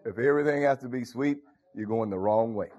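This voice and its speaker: Older preacher, folksy and rhythmic. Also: male voice, mid-range voice, fairly quick, darkish tone. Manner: call-and-response, frequent "huh?" and "thank you, Lord". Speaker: pastor. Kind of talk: folksy sermon. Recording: dull lo-fi recording.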